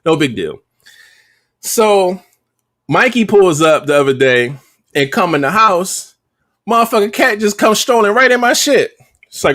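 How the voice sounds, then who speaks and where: A man's voice: sits high, sing-song, unhurried, pauses often, a bit bright. A man co-hosting a podcast, telling a story in casual, profane slang with lots of energy. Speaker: podcast co-host. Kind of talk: casual chat.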